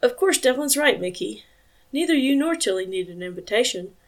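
A woman reading a caring young wife and mother in an audiobook, gentle and careful. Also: on the high side, expressive, a little fast, voice pushed up.

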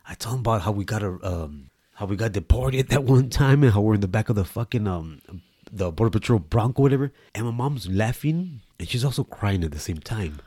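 A man's voice: lowish voice, lively intonation, brisk, warm tone, husky, no room sound, studio quality. A man, co-hosting a podcast and telling a profane, laughing comedy story. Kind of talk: casual storytelling chat.

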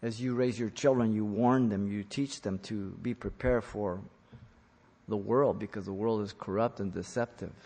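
A man preaching a teaching sermon on scripture, stressing key words loudly and then dropping to quiet asides. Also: fairly low pitch, fairly even intonation, normal speed, husky. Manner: emphatic, swings from loud stresses to quiet asides. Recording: long reverb of a large hall.

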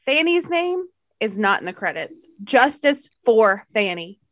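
Woman on a movie podcast, kinda high voice, takes her time, giggly and playful. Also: big pitch swings, a little slow. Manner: playful, giggly, reads names out. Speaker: podcast co-host. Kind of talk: casual chat.

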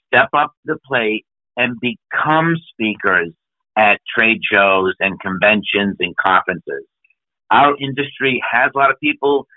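A man's voice: medium pitch, no echo. A man from New England, a podcast guest, talking enthusiastically in a storytelling way with lists of topics. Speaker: podcast guest, business speaker. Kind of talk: conversational interview. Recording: phone-like narrow band.

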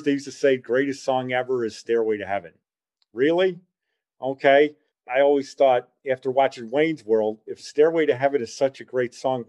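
A man's voice: medium pitch, a little mellow. A man, rambling through a casual spoken memory and repeating himself. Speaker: storyteller. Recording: dull lo-fi recording.

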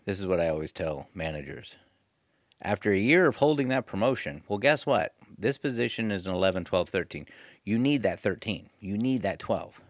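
A man's voice: low voice, no room sound. A man giving blunt, casual advice to supervisors, repeating his points and briefly mimicking employees and managers. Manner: blunt, repetitive, drops into quick mock voices of employees and managers. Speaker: federal HR advisor speaking to supervisors.

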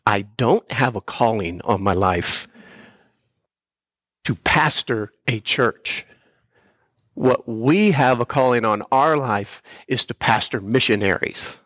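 An older man delivers a sermon from a church pulpit at a slow, deliberate pace. His tone is earnest and heartfelt, a little unpolished, with frequent throat clearing. The sound is dry, with very little room echo. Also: medium pitch, a bit bright. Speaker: guest speaker, missionary pastor.

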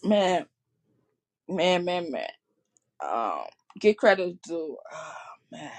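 A woman's voice: lowish voice, sing-song, very slow, pauses often. A woman hosting her podcast, rambling casually about sports with many fillers and restarts and apologizing for her swearing. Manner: rambling, full of fillers and self-corrections. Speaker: podcast host.

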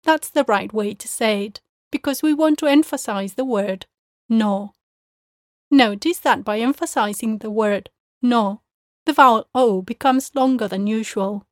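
A fairly high-pitched woman teaches pronunciation in a calm, scripted way. She explains each point clearly and slowly, then models the words. Her voice is recorded close and dry, with no room sound. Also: no echo. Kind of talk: scripted podcast lesson.

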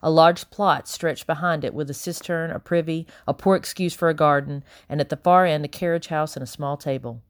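A woman narrating a novel in the first person, steady and measured. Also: sits low, no room sound, studio quality. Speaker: audiobook narrator.

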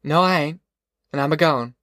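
A man's voice: a little high, normal speed, a bit bright, no echo, clean studio sound, pitched above the performer's own voice, natural voice. A man voicing a stubborn, insistent pregnant young farm daughter.

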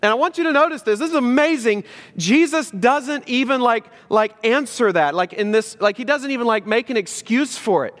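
A male pastor preaching a sermon, lively and emphatic, asking rhetorical questions and dropping low and earnest for serious points. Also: moderate pace. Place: church sanctuary. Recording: long hall reverb in a church.

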